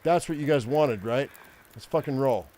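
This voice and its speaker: A man's voice: mid-range voice, moderate pace, darkish tone. An older man giving casual, profane gameplay commentary, ranting and rambling with frequent restarts. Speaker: gaming streamer.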